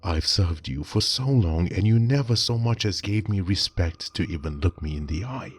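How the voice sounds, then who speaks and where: A man's voice: low-pitched, lively intonation, normal speed, husky. A man voicing a young female servant who talks back to her mistress in a pleading, reproachful way.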